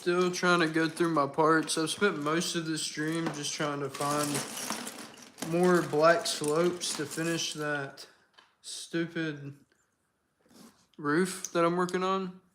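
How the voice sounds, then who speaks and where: A young male livestream host with a slightly high voice chats loosely with his viewers. He answers their comments as he goes, in a relaxed and talkative way. He speaks close to a desk microphone. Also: takes it slowly, background noise. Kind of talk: casual livestream chat with viewers.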